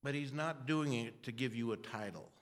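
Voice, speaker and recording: Older man, church sermon, rambling, clears throat, self-deprecating asides. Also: medium pitch, normal speed. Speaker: preacher.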